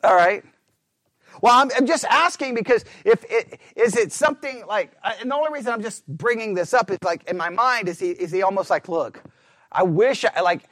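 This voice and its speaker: High-voiced man teaching a Bible study. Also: fairly quick, a bit bright, dry recording. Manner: thinks aloud, repeats and restarts words, asks the group questions.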